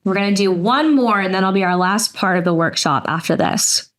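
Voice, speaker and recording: A woman presenting a nutrition workshop, gently talking listeners through an exercise step by step with casual fillers. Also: mid-range voice, brisk. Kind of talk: guided exercise instruction.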